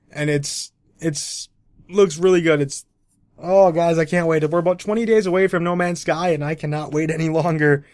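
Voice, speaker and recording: A man's voice: fairly high pitch, no echo. A young man hosting casual gaming news commentary, chatty and opinionated with sarcastic asides.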